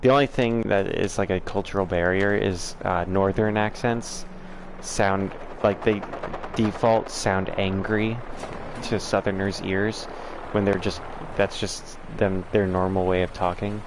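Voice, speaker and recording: Man hosting a gaming stream, low-ish voice, loose and blunt, answers chat with lots of ums and restarts. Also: fairly even intonation, a little slow, background noise. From southern United States. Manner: rambling, frank, many fillers and restarts. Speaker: livestream host. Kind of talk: casual chat answering viewers.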